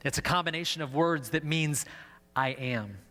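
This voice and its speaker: A man's voice: fairly high pitch, moderate pace, sharp tone. A male pastor preaching a sermon in an earnest way, often stumbling and repeating words as he explains. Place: church sanctuary. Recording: long church-hall reverb.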